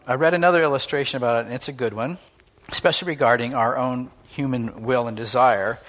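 A man preaching in an earnest, emphatic manner, explaining ideas through stories. His voice sits at an ordinary middle pitch, and he delivers the sermon steadily. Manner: earnest, emphatic, illustrating with stories and acted quotes.

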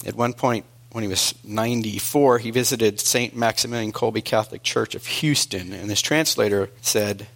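A male preacher delivering a sermon in an earnest storytelling manner, moving between hushed and emphatic. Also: lowish voice, moderate pace, gravelly, hardly any pauses.

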